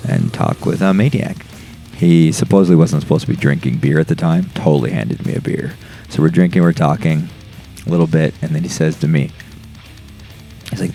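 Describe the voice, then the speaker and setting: A man's voice: a bass voice, fairly even intonation, a little fast, vocal fry, dark tone, faint music behind. A man, a podcast guest, telling a rambling, profane story in casual chat and laughing as he goes.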